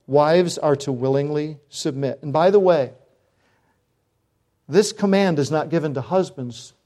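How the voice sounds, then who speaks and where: Male pastor, middle-aged, warm dark tone, folksy emphatic sermon delivery. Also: on the high side. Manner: folksy, emphatic preaching with rising exhortations.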